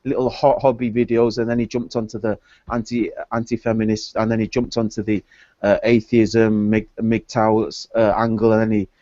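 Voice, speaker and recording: A man's voice: lowish voice, little pitch movement, moderate pace, mellow, no echo. A man in a casual group chat, opinionated and hesitant, often repeating his words. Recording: dull lo-fi online call audio.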